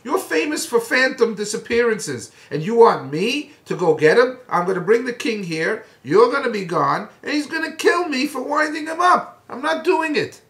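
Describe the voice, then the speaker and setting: A man's voice: very high-pitched, lively intonation, moderate pace, few pauses, fairly bright tone, recorded from a distance, pitched above the performer's own voice, exaggerated voice. A man voicing a frightened male royal servant who protests in a pleading, panicky way. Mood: alarmed. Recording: echoey room.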